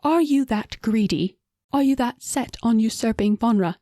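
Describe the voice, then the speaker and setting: A woman voicing an imperious, furious queen and mother, shrill and accusing with open contempt. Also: expressive, unhurried, dark tone, no room sound, studio quality.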